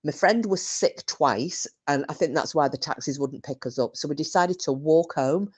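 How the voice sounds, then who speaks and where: A low-pitched woman chats loosely with her viewers on a live stream. She swears freely and tells rowdy drunken stories. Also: normal speed, darkish tone, slightly rough.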